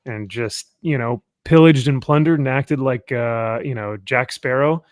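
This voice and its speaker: A young man from California hosts a relaxed livestream, cracking jokes, laughing easily and reading out viewer comments. His voice sounds close and dry, with no room around it. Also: medium pitch, measured pace, dry recording. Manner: jokey, laughs often, reads viewer comments aloud. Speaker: livestream host. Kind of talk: casual chat.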